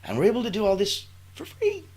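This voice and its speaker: A man's voice: high-pitched, huge pitch swings, quick pace, darkish tone, slightly rough. A man hosting a live online show in an upbeat, playful way, with sound-effect interjections. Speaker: show host.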